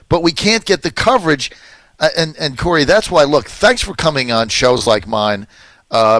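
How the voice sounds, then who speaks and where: A man hosting his own radio talk show, animated and emphatic. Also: a little high, no echo.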